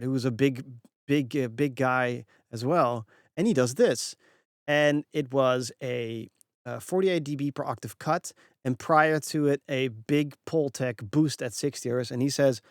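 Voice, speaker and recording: A man who works as a mixing engineer, explaining a music production point in an animated, casual tutorial that swears freely and acts out the people he quotes. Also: medium pitch, normal speed, no echo, studio quality.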